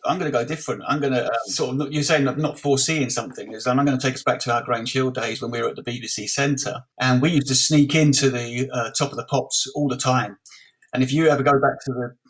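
A man in his fifties telling a lively anecdote as a guest over a video call, often repeating words. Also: mid-range voice, quick pace, breathy edge. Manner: lively, repeats words, acts out voices in stories. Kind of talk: animated anecdotal storytelling.

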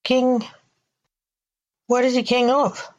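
A woman's voice: on the high side, level tone, takes it slowly, lo-fi sound, voice pushed up. A woman voicing a baffled, impatient young man in a plain reading voice. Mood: puzzled.

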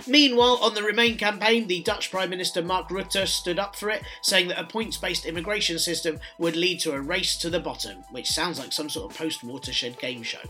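Sardonic British man with a bright voice. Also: high-pitched, animated, fairly quick, hardly any pauses, faint music behind. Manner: sardonic, dry mocking delivery. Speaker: satirical news presenter. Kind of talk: scripted satirical monologue.

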